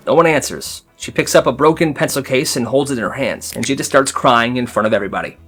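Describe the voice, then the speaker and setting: A man's voice: mid-range voice, fast talker, few pauses, breathy edge, soft background music. A man telling funny school stories in a comedic storytime style, slipping into voices for the people in them. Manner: animated storyteller jumping into character voices. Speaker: storytime creator.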